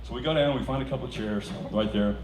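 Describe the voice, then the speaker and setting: A man's voice: mid-range voice, fast talker. Man telling anecdotes at an event, laughing as he goes, picked up from across a roomy hall with faint noise behind. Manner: animated anecdote-telling, laughing through punchlines. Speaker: speaker at a celebration. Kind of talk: storytelling speech to a live audience. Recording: echoey room heard from a distance, faint background noise.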